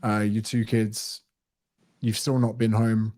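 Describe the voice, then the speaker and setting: A man's voice: fairly low pitch, little pitch movement, takes it slowly, dark tone. A male podcast host asking direct questions in a conversational way. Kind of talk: interviewing.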